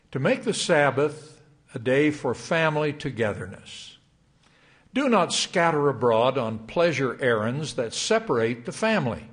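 An older man delivering a sermon to young adults, reading scripture in a measured, emphatic way. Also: mid-range voice. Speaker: church speaker.

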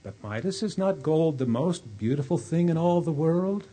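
A man voicing an immortal stranger who grants wishes and asks measured, probing questions. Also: on the high side, lively intonation, dark tone, slightly rough. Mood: questioning.

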